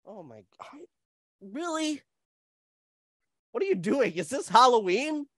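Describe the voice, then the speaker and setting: A man hosting a comedy podcast with theatrical, drawn-out announcer introductions. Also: extremely high pitch, very animated, a bit bright. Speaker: host.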